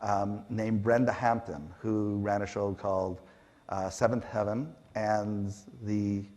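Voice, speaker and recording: A man's voice: fairly low pitch, slow. A middle-aged man from Canada, telling stories on a conference stage with fillers and acted-out quotes. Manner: animated, acts out quotes, frequent fillers. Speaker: panel guest. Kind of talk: conversational storytelling on stage.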